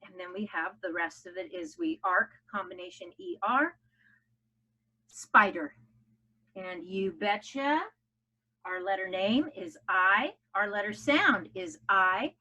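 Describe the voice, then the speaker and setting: A woman's voice: mid-range voice, big pitch swings, takes it slowly, sharp tone. A woman teaching a phonics lesson to children, upbeat and coaxing them to chant along. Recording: dull lo-fi home video audio.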